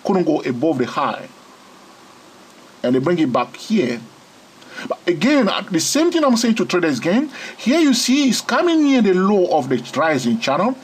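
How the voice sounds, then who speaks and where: Male trading tutor, husky voice, very lively pitch, keeps checking "okay?". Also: moderate pace, low-quality recording. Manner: repeats "all right?" and "okay?" often, pointing at charts. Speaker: trading instructor. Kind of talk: screen-recorded trading lesson.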